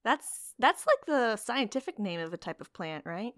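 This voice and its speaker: High, lively woman player. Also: moderate pace. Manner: playful, animated banter.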